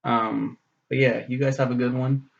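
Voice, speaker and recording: A man's voice: medium pitch, level tone, normal speed, gravelly, muffled recording. A man casually reviewing a short story for his vlog, rambling and swearing, with many "um"s. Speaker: book reviewer.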